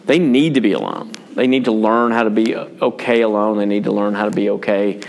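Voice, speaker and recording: A man's voice: on the low side, fairly quick, gravelly, darkish tone. A man, a pastor and father, talking about parenting in a frank, rambling, self-deprecating way, with many fillers and restarts. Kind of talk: casual pastoral chat on parenting.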